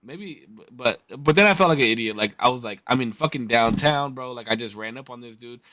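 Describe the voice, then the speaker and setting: A man's voice: mid-range voice, a little fast. A man hosting a podcast, telling a story in casual, profane chat. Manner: profane, animated retelling. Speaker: podcast host.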